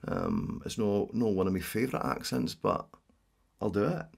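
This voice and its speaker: Husky, playful voice actor from Devon. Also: male voice, lowish voice, huge pitch swings, moderate pace. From Devon, England. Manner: playful, jokey, slips into impressions. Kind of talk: casual comic chat with accent impressions.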